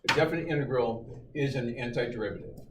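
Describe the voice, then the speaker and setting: A middle-aged man teaching a calculus class, lively and joking with his students. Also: medium pitch, fast. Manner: lively, playful, jokes with students. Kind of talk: classroom lecture. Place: high school classroom. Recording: echoey classroom from far off, noisy.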